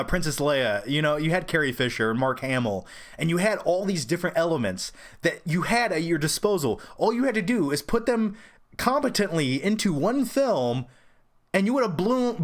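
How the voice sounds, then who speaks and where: A man hosting a casual live-stream question-and-answer session about films. His voice sits somewhat high, and he rambles in an opinionated way, restarting sentences as he goes. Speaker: host of a film review channel.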